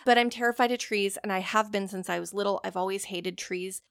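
A woman's voice: medium pitch, steady tone, brisk, creaky, fairly bright tone, no echo. Woman, forties, rambling podcast monologue, casual swearing, dry close sound. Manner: candid, rambling, swears freely. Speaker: podcast host.

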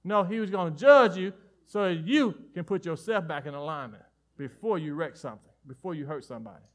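A man preaching a sermon as pastor, animated and folksy, often dropping to soft asides and joking with the congregation. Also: fairly high pitch, brisk.

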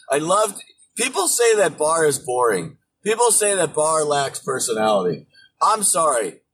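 A man's voice: a little high, a bit bright, breathy edge, far from the mic, poor audio. A man hosting a political show, ranting in a profane, mocking way about politicians. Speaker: political podcast host. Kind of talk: opinionated political commentary.

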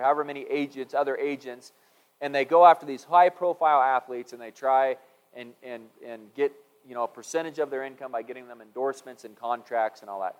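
A man preaching a conversational sermon, retelling a story with frequent restarts. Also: mid-range voice. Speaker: pastor.

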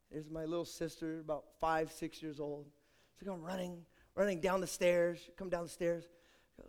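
A male pastor preaching a sermon with dramatic storytelling, swinging between loud and soft. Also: fairly high pitch, fairly even intonation, normal speed, clear, resonant tone. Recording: echoey hall.

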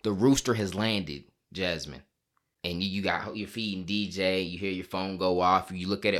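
A man's voice: low voice, steady tone, normal speed, fairly bright tone. A man in playful banter with his wife, telling a teasing story with laughs and mock voices. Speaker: husband playing an improv game.

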